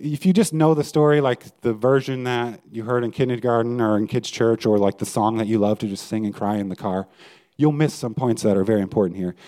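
Warm-voiced male pastor preaching. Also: on the low side. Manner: conversational preaching, asks the audience questions. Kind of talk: sermon.

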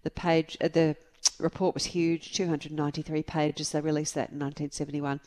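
A woman's voice: low voice, level tone, brisk, darkish tone. A woman co-hosting a podcast, telling stories in a chatty way and reading out listener messages. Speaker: podcast co-host. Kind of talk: casual podcast chat.

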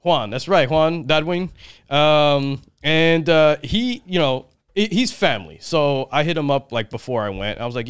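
A man in his thirties tells a meandering weekend story on a casual podcast, swearing and laughing as he goes. His voice is smooth and clear, sitting a touch high for a man. He talks with a lot of swing in his pitch. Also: animated, normal speed. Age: 30s. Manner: rambling, swears freely, laughs often. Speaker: podcast co-host.

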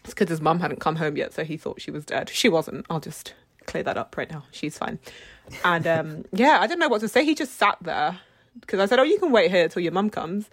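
A woman's voice: low voice, expressive, moderate pace, no echo. Podcast co-host: young woman, self-deprecating storyteller, dry close mic. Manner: awkward, self-deprecating storytelling with frequent laughs. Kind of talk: casual chat.

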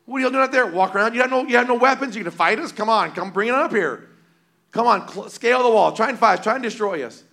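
A man shouting as jeering enemy soldiers. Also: high-pitched, fast, pitched above the performer's own voice. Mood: mocking. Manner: taunting, loud mocking shouts.

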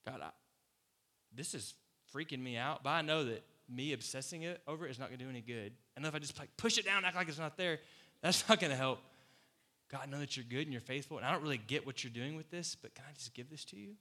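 A man preaching a casual, conversational sermon as pastor, animated, acting out quoted voices and laughing often. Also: mid-range voice, fast talker. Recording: long hall reverb.

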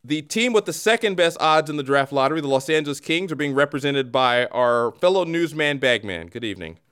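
Male host, smooth clear voice, mock-announcer delivery with sarcastic asides. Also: on the high side, lively intonation, brisk, a bit bright. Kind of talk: mock-broadcast hosting.

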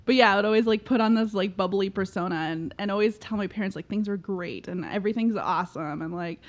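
A woman's voice: medium pitch, quick pace. A woman in casual conversation, rambling along and laughing often between fillers.

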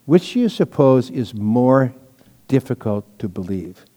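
A man preaches to his congregation in a relaxed, conversational way, slipping in stories and asides as he teaches. His voice is mellow and warm. The sound carries a long reverb from a large church hall. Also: mid-range voice, measured pace. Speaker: pastor. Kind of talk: sermon, Bible teaching.

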